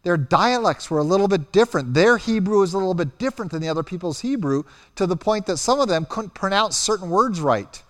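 A man preaching a sermon, telling the story with animated delivery and acting out quotes as he goes. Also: high-pitched, a little fast, few pauses, big-room sound.

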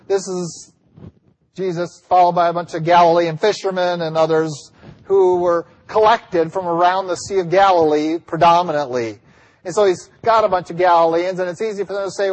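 A man preaches a sermon from a church sanctuary, his voice sitting high for a man. He drives his points home with force and sometimes rises almost to a yell. A long reverb trails off each phrase. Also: moderate pace. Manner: emphatic, rising to near-yells on key lines. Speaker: pastor.

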